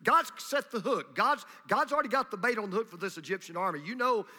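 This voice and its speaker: A man preaching a sermon as pastor, swinging from hushed asides to loud, emphatic declarations. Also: sits high, animated, fast. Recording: long reverb of a large hall.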